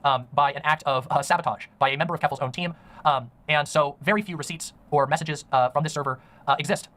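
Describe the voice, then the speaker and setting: Rapid, filler-heavy male video commentator. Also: on the high side, a bit bright, a little hiss or hum. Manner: earnest, hedging, full of ums and uhs. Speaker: online commentator.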